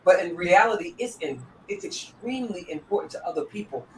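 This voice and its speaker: A woman's voice: fairly low pitch, lively intonation, fairly quick, reverberant, a little hiss or hum, poor audio. A woman, a former police corporal, telling a heartfelt personal story with lots of restarts and repeats.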